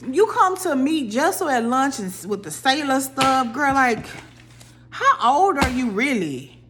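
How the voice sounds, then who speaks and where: A young woman holds forth on a reality series in a casual, opinionated rant. Her delivery is animated, and her voice leaps up sharply whenever she acts out what someone else said. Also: sits high, normal speed, husky. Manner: animated, opinionated, dramatic voice jumps when quoting people. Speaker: reality TV commentator.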